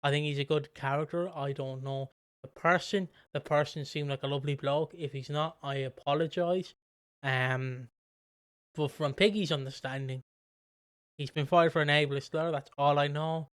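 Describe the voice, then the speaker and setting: A man co-hosting a podcast, talking in a rambling, animated way and swearing freely. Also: a little high, normal speed, clean tone, no room sound, clean studio sound. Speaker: podcast co-host. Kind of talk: casual podcast chat.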